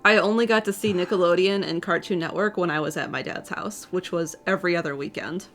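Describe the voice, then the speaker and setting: A woman co-hosting a live stream, chatting casually with short, low-key remarks. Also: fairly quick, a bit bright, faint music behind. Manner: brief, low-key interjections. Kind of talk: casual chat.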